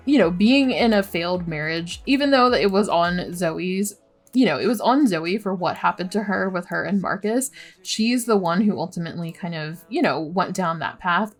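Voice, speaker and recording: A young woman hosting a let's play, chatting casually and giggling as she reacts to the game with dismay. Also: medium pitch. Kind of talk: casual gameplay commentary.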